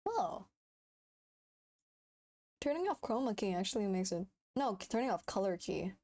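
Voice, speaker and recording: A woman's voice: mid-range voice, big pitch swings, normal speed, warm tone. A woman streaming live, chatting casually and playfully, laughing often and swearing freely. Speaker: VTuber streamer.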